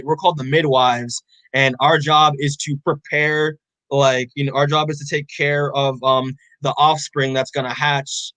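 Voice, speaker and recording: A young man on a podcast, casually retelling a story in a loose, rambling way, full of filler words and frequent swearing. His voice sits a little high for a man. The sound is close and dry, with no room echo. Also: a bit bright. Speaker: podcast co-host. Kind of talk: casual chat recapping a comic.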